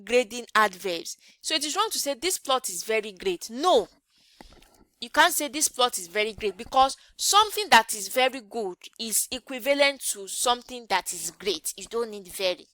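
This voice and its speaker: Bright, crisp-voiced woman teaching English. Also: fairly high pitch, lively intonation, moderate pace, no echo. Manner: quizzing with rhetorical questions. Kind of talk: online grammar lesson.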